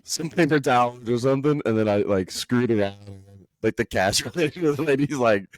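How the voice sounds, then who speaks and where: A man's voice: medium pitch, brisk, no echo. A man telling rambling stories in casual chat among friends, full of "bro" and "dude". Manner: rambling storyteller, peppers talk with "bro" and "dude".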